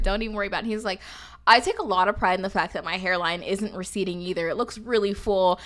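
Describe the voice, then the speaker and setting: Animated young woman telling stories. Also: fast. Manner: animated storyteller, acts out quotes in a higher voice. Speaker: podcast co-host. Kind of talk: casual chat.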